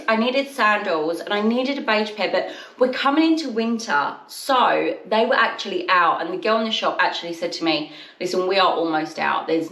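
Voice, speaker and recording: A woman's voice: mid-range voice, a bit bright, far from the mic. Chatty woman in an echoey room. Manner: chatty, rambling, quick asides. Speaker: haul vlogger. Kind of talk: casual chat. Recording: echoey room, mic set back.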